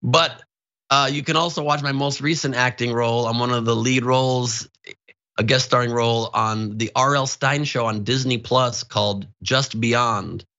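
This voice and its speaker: A comedian co-host chats in a rambling, self-deprecating way. His voice is bright and forward. The audio is dull and lo-fi. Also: mid-range voice, steady tone, normal speed. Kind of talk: casual chat.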